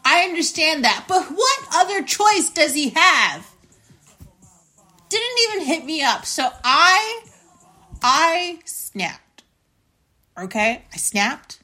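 A young woman with a bright, ringing voice that sits a little high, telling a story on her podcast. She talks bluntly and indignantly and swears freely. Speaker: podcast host.

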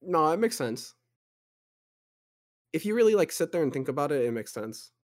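Young male co-host, lively pitch, teasing, laughs easily. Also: normal speed. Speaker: podcast co-host. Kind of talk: casual chat among friends.

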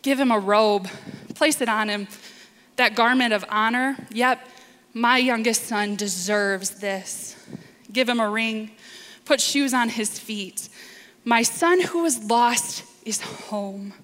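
A woman voicing a loving father who warmly calls for a celebration and gently urges his son to come in, speaking in a slow, reverberant hall. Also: on the high side. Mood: joyful. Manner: warm, urging, celebratory.

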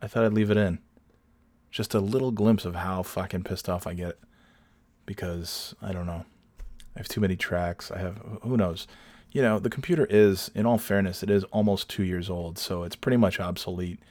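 A man's voice: low voice, normal speed, a little mellow, no echo. A man hosting his own podcast from home, telling rambling stories in a casual, profane, self-deprecating way. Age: adult with children. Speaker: podcast host. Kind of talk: casual solo podcast storytelling. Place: home recording setup.

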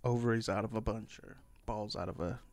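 A man's voice: lowish voice, steady tone, a little fast, soft background music. A man hosting his own podcast in a loose, rambling chat, full of fillers and casual swearing. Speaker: solo podcast host.

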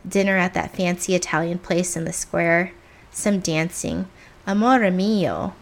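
A woman's voice: on the low side, steady tone, a little slow, vocal fry. A woman voicing the disembodied ghost of a dead ex-lover, speaking in a sing-song, teasing manner that can turn cold and menacing. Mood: sing-songy.

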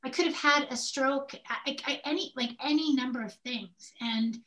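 An older woman with a somewhat high voice chats candidly on a podcast. She tells her stories with animation, slipping into the voices of the people in them as she goes. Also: moderate pace. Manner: animated storyteller who acts out quoted speech. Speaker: podcast co-host.

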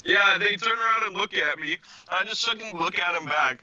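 A young man co-hosting a casual podcast, telling a story bluntly and deadpan with plenty of swearing. His voice is very bright and sharp and sits a little high. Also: brisk, dry recording, muffled recording. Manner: blunt, profane, deadpan delivery. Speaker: podcast co-host.

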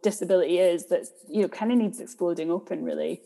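Here a woman from Scotland, a theatre director, talks as a guest on a podcast interview in a fairly low, creaky, warm voice at a quick clip. Her manner is frank and reflective, full of ums as she thinks out loud, and the audio carries a long hall reverb.

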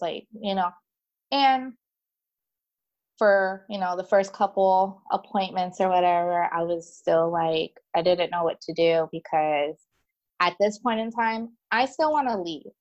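A woman telling her own story in casual conversation as a guest, chatty and animated, with many fillers, voicing the people in it. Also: lowish voice, measured pace, highs cut off.

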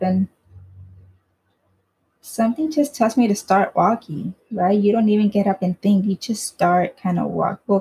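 A woman's voice: mid-range voice, warm tone, slightly rough, rough recording. A woman casually telling a personal story in a rambling way, swearing freely and often asking "right?".

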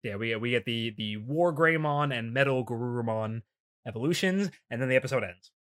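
A man's voice: mid-range voice, animated, brisk, a bit bright, smooth. A man casually recapping an anime episode, swearing often and mock-quoting characters between laughs. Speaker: podcast host.

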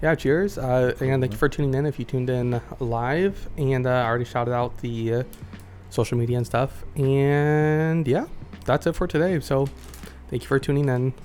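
A man's voice: mid-range voice, fairly even intonation, normal speed, a little mellow, soft background music. A man co-hosting a casual live-streamed podcast, laid-back and jokey, sounding a little tipsy. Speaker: podcast co-host.

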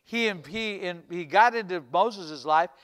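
A male pastor preaching with fervor, building his lines into rising, repeated calls. His voice sits very high for a man, bright and sharp. The tone stays smooth and clear throughout. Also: unhurried. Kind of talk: sermon.

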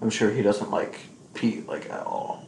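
A man co-hosting a podcast in casual chat, giving relaxed, brief replies. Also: a little slow, vocal fry. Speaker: podcast co-host. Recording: echoey room with faint rumble.

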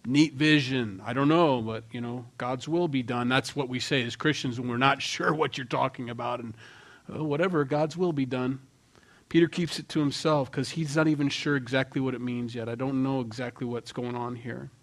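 A man preaching a sermon in a conversational way, acting out quoted voices and dropping between loud and quiet. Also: medium pitch, steady tone, fairly quick, hardly any pauses. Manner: conversational, acts out quoted voices with shifts in loudness. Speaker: pastor.

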